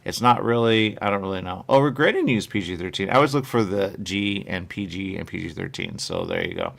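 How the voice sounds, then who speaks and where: Low gravelly guy rambling on a live show, keeps saying "there you go". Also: big pitch swings, brisk, a bit bright. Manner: rambling, repeats "there you go", reads chat comments aloud. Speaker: radio show host.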